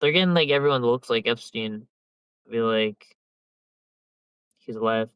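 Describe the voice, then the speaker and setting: A young man talking loosely on a podcast, rambling through slang, swearing and a lot of filler. His voice sits at an ordinary middle pitch. It is recorded close and dry, with almost no room sound. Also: normal speed, a bit bright, clear, resonant tone, no echo, low-quality recording. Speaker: podcast host. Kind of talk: casual chat.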